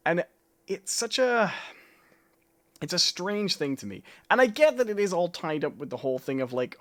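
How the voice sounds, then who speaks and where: Animated, chatty male co-host. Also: on the high side. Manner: opinionated, chatty, frequent "you know". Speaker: podcast co-host. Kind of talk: casual live-stream chat.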